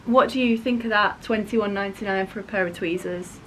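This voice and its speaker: Chatty bright-voiced woman vlogger. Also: mid-range voice, fairly quick, slight background noise. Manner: gushing, chatty, swears casually. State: heavily pregnant. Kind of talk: chatty casual vlog.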